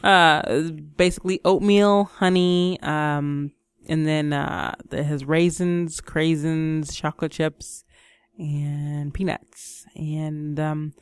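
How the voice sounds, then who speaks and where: A woman co-hosting a casual chat show, talking in a relaxed, giggly way with lots of "like" and "um". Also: low-pitched, slow, smooth, no room sound. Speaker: co-host.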